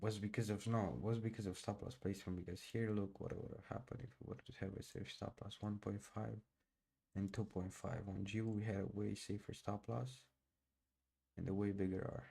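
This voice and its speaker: A man's voice: on the low side, little pitch movement, moderate pace, gravelly, dark tone, breathy edge. A young man who speaks English as a second language, giving casual, slangy commentary while trading live. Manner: casual and slangy, often says "bro"; non-native English speaker. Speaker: day trader streaming live.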